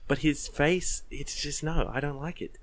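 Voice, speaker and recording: A man's voice: on the high side, fairly even intonation, a little slow. A man co-hosting a podcast, giving dry, blunt opinions in casual chat. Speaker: podcast co-host.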